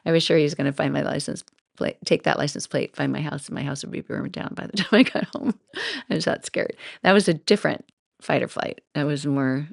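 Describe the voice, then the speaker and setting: A middle-aged woman with a deep, creaky voice hosts her own solo podcast, telling personal stories in a rambling, casual style with frequent laughs and asides. The recording is dry and studio quality.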